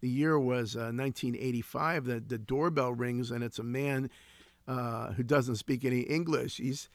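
A man's voice: medium pitch, fairly even intonation, normal speed, no room sound. A man in his sixties, a ministry founder, telling stories in an earnest, reflective way during an interview. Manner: earnest, reflective, with frequent restarts. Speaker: guest, founder of a homeless ministry. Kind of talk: conversational interview storytelling.

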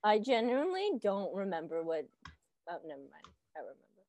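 A woman's voice: mid-range voice, huge pitch swings, normal speed, dark tone. A young woman co-hosting a casual podcast, joking and laughing a lot as she talks. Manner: joking, chaotic, frequent laughter. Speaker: podcast co-host. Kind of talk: casual chat.

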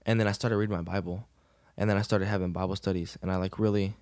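A man's voice: sits low, level tone, quick pace, darkish tone. A young man, a podcast guest, telling a personal story in a casual, laid-back way, often laughing and saying "bro".

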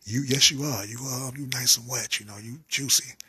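A man's voice: mid-range voice, normal speed, husky, exaggerated voice. A man doing a stammering, overexcited older man. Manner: stammering, excited.

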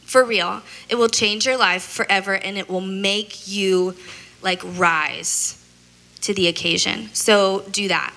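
Bright-voiced chatty woman. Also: medium pitch, fairly even intonation, slow, vocal fry, low-quality recording. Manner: chatty, rambling, full of "like" and "you know"; processes out loud, talks a lot. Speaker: speaker sharing a faith testimony. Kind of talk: casual devotional talk.

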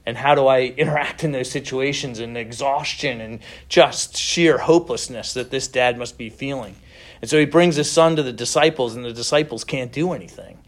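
A middle-aged man preaching a sermon as pastor, earnest and conversational, with gentle laughs between thoughts. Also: mid-range voice, moderate pace.

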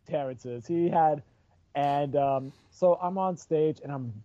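A man's voice: on the high side, unhurried, warm tone, no room sound. A man, a stand-up comedian, chatting casually and telling a rambling story full of restarts. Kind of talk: casual chat. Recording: dull dry lo-fi recording.

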